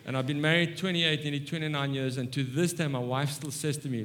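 Male preacher, 50s, self-mocking storyteller, lively swings from quiet to excited, slightly high voice, faint ambience. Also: a little fast, slight background noise. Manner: animated and self-mocking, swings between soft asides and excited high bursts. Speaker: guest preacher. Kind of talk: humorous sermon with storytelling. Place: church sanctuary.

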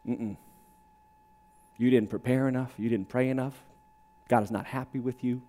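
A preacher doing a low, sneering devil. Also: male voice, fairly even intonation, moderate pace, mellow, close to an everyday voice. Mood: taunting. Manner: accusing, taunting.

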